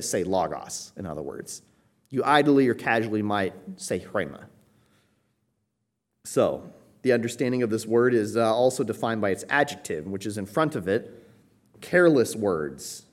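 A man who is a pastor, preaching a teaching sermon and explaining Greek words, often checking in with a quick "right?". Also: medium pitch. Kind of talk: expository sermon.

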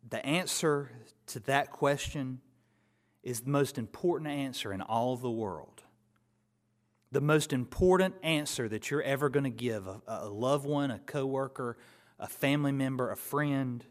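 A man preaching a sermon, expounding scripture and building to loud, emphatic contrasts before dropping back down. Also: mid-range voice, unhurried.

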